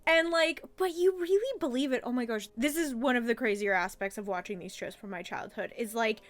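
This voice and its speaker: Young woman host, bright higher voice, rambling fan commentary with lots of "like". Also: fairly quick. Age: young adult. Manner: chatty, gushing, many fillers. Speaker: host reviewing a childhood cartoon. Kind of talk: casual commentary.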